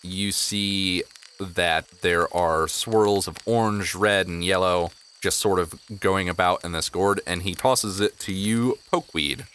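A man narrating as game master of a tabletop game, in relaxed, playful storytelling. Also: low-pitched, unhurried, clear, resonant tone.

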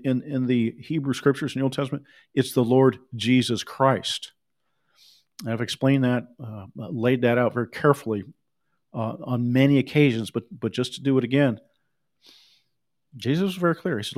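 A male preacher delivers a sermon with a mid-range voice. He talks in a casual, conversational tone, but he hammers his points home by repeating himself. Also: mid-range voice. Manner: emphatic, repetitive, conversational.

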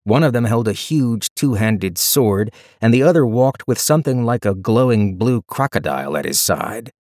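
A man narrating a fantasy short story in a measured, even storytelling voice. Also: mid-range voice, dry recording, clean studio sound. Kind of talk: audiobook narration.

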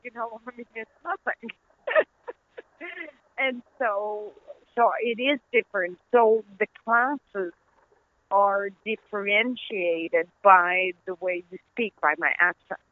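This middle-aged author from the Netherlands has a Dutch accent and a medium-pitched, slow delivery. Appearing as a guest in a conversational interview, she tells stories earnestly and laughs readily, her voice tinny as if on a phone, with no room sound.

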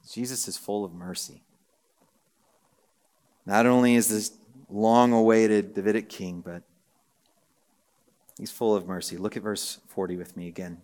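A man's voice: fairly low pitch, darkish tone. A man preaching a casual teaching sermon, talking conversationally with many fillers and building to emphatic, repeated phrases. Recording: long hall reverb.

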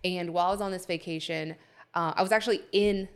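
A fairly low-pitched woman co-hosting a podcast. She talks in a chatty, storytelling way in casual conversation. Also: fairly even intonation, fast, clean tone. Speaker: podcast co-host. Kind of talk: casual chat.

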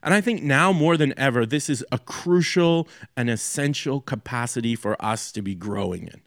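A man's voice: medium pitch, normal speed, dry recording, clean studio sound. A man preaching a sermon as a pastor in a loose, conversational way, with many fillers and restarts.

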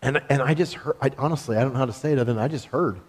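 A man preaching a sermon, talking in an animated, conversational storytelling way with laughs. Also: medium pitch, very fast, breathy edge.

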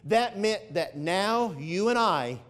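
A man with a notably high voice preaches from the pulpit, leaning hard on key phrases and drawing them out. His words ring through a church sanctuary with a long reverb trailing behind. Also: animated, a bit bright. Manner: preaching with swelling emphasis and drawn-out phrases. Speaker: pastor. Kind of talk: sermon.

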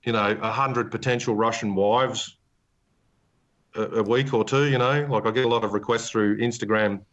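A man's voice: fairly low pitch, steady tone, moderate pace, a bit bright, muffled recording. Rambling, laughing podcast host man. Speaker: podcast host, knife maker. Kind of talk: casual chat.

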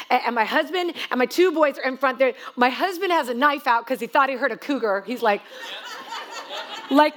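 A woman's voice: high voice, fairly bright tone, slight background noise. A woman guest pastor giving a sermon, telling a story in a chatty, self-mocking way.

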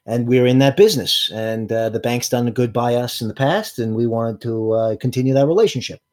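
A man voicing a gruff middle-aged male contractor and father, with a put-on Boston accent and a blunt, folksy way of talking. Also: mid-range voice, a little mellow, lightly acted. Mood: evasive. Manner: blunt, folksy, quick to bristle.

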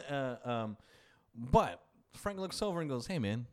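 A man's voice: mid-range voice, very animated, measured pace, a little mellow. A man telling a story in casual chat, rambling and restarting, laughing often.

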